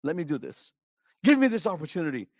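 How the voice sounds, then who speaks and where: A man's voice: on the high side, big pitch swings, fast talker, darkish tone, dry recording, clean studio sound. A man voicing an eager young warrior who earnestly pleads for the chance to fight, in a retold story within a sermon. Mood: pleading. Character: young eager male warrior, brave and devoted.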